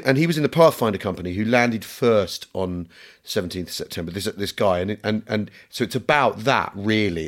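A middle-aged English man co-hosting a history podcast, joking and rambling with lots of fillers and restarts. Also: lowish voice. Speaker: podcast co-host. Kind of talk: casual chat.

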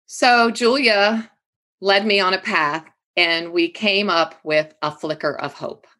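Casting: a low-voiced woman host, a therapist, openly emotional and effusive. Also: bright, forceful tone. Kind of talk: interview hosting.

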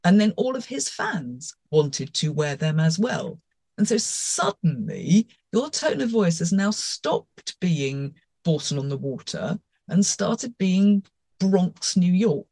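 A woman co-hosting a podcast, talking in a brisk, emphatic way in casual chat. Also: lowish voice, big pitch swings, creaky, a little mellow, husky, dry recording. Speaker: podcast co-host.

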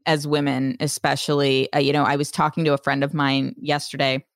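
A woman's voice: very deep voice, little pitch movement, brisk, dry recording, clean studio sound. Frank, laughing woman podcast host. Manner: frank, swears freely, laughs often. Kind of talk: casual chat.

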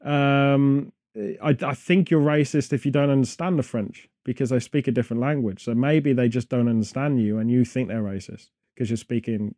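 A man's voice: medium pitch, steady tone, moderate pace, few pauses, dark tone, no echo, clean studio sound. A British man hosting a podcast, rambling through casual chat full of wry, absurd jokes. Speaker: podcast host.

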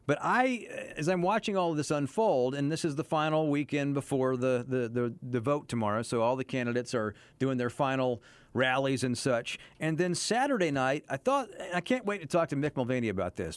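A man's voice: medium pitch, clear, resonant tone, no echo. A man hosting a morning radio show, chatting casually about politics and chuckling between points. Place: radio studio.

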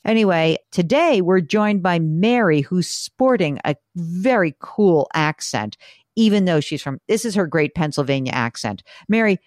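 A woman's voice: lowish voice, expressive, a little slow, a little mellow, dry recording, clean studio sound. A middle-aged woman hosting a call-in money show, chatty and joking as she questions a caller. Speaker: host.

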